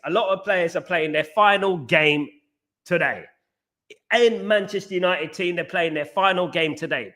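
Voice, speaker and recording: A man hosting a live football watchalong, rambling, repeating himself and greeting viewers in the chat. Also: high-pitched. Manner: rambling, repeats phrases, shouts out chat users. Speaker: watchalong host.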